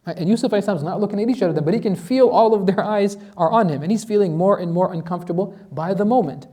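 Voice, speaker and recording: A man's voice: high-pitched, racing, mellow. A man teaching a conversational Quran lesson as an imam, telling the story with rhetorical questions and acted-out quotes.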